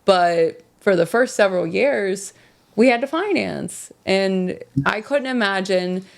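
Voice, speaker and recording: A woman's voice: medium pitch, takes it slowly, gravelly. A woman from West Virginia co-hosting a casual podcast chat, talking earnestly and chattily. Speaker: podcast co-host.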